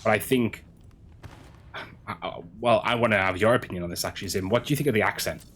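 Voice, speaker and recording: Male game streamer, lowish voice, loose and halting with lots of restarts, quiet hum behind. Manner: halting, chatty, many restarts, answering chat. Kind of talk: casual stream chat while gaming.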